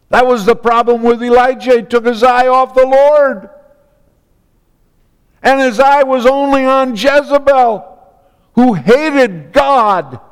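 A man delivers a sermon at an unhurried, deliberate pace, leaning on repeated phrases and dramatic pauses. His voice sits high and comes through smooth and resonant. It carries the long reverb of a hall. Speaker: preacher.

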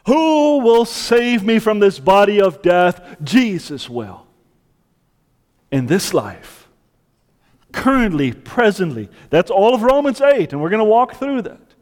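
A man preaching a sermon with passion, dropping to a hush and then rising to loud cries. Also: high-pitched, in a large hall. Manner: impassioned, swings from hushed to loud cries. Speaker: pastor.

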